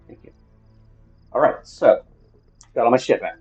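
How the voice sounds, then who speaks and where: A man's voice: medium pitch, moderate pace, darkish tone, lo-fi sound, faint music behind. A man talking to himself while playing a survival game, grumbling and swearing at what happens on screen. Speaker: gaming streamer. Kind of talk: solo gameplay commentary.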